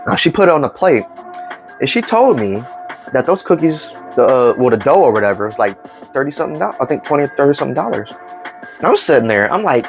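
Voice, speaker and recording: A man's voice: mid-range voice, sing-song, fast talker, faint music behind. A young man telling a casual storytime vlog, acting out family members' lines in raised voices. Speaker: vlogger.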